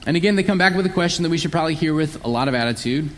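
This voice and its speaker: A man's voice: on the high side, expressive, racing, slight background noise. A man preaching a sermon, explaining scripture earnestly and sometimes acting out sarcastic voices. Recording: long hall reverb.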